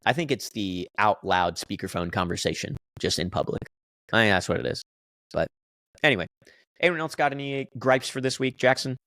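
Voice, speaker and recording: A man's voice: on the low side, lively intonation, fairly quick, a bit bright, no echo. A man in his late twenties co-hosting a podcast, chatting casually with lots of fillers and defensive banter. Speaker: podcast co-host. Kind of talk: casual chat.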